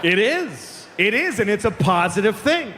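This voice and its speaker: A man's voice: high-pitched, sing-song, normal speed, pushed and bright, a little hiss or hum. A middle-aged man doing a stand-up comedy routine, ranting profanely with exasperated outbursts. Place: comedy venue stage. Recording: live hall reverb, faint ambience.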